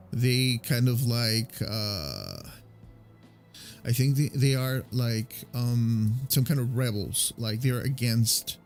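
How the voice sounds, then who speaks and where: A man casually commentating his video game playthrough, rambling with many fillers and restarts. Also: mid-range voice.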